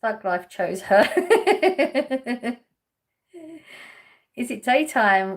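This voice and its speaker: A woman from with a fairly high voice chats casually on a livestream. She reads viewer comments aloud, laughs easily and often breaks off mid-thought before starting again. Her carries through the relaxed, rambling talk. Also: takes it slowly, long pauses. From Essex, England. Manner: chatty, laughs often, trails off mid-sentence. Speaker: livestream host.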